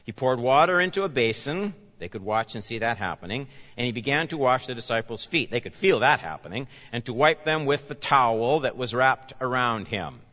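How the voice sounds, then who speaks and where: A man pastor preaching a sermon, with animated emphasis that rises and falls as he explains scripture. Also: medium pitch, fairly quick, few pauses. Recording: reverberant hall, dull lo-fi sound.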